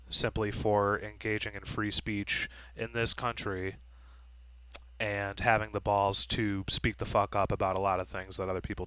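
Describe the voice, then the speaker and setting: Lowish guy ranting to camera, swears a lot, crisp dry audio. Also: bright, forceful tone, no echo, poor audio. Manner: blunt, profane, lecturing. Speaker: vlogger. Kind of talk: direct-to-camera monologue.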